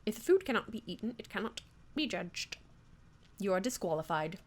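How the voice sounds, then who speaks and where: A woman's voice: medium pitch, big pitch swings, fairly quick. Woman putting on a pompous old dog chef. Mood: stern. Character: old male dog master chef teacher, grand and judging.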